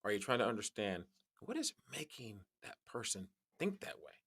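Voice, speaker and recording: A man with a low but bright, forward voice tells stories on a podcast. His pitch leaps way up whenever he acts out a line, and he laughs and restarts his sentences as he goes. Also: moderate pace, breathy edge. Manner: animated storyteller, jumps high in pitch on quoted lines; frequent restarts and laughs while talking. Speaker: podcast guest. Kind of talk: storytelling in casual conversation.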